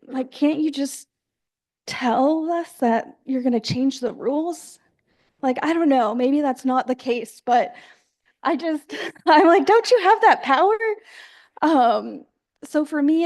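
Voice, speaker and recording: A woman's voice: high-pitched, warm tone. A woman speaking frankly at a tribal assembly, casual and exasperated, with many fillers. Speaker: community member speaking at assembly. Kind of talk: impassioned floor speech. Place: large assembly hall.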